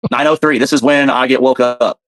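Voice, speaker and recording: A man casually telling a story, fast and profane, often repeating himself. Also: medium pitch, steady tone, a bit bright.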